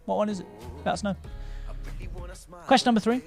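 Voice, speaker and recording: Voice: mid-range voice, brisk, gravelly, over music. A quiz host on a casual livestream, teasing and joking between questions.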